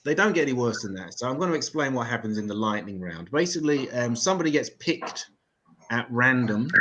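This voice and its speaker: A man's voice: mid-range voice, fairly bright tone, rough recording. An English man hosting an open mic comedy show, with profane, self-mocking stand-up banter. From England.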